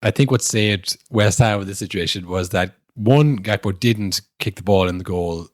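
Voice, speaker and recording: A man's voice: on the low side, moderate pace, no room sound, clean studio sound. A young adult man co-hosting a football podcast, telling the story animatedly and acting out the people in it. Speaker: podcast co-host. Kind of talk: casual football chat.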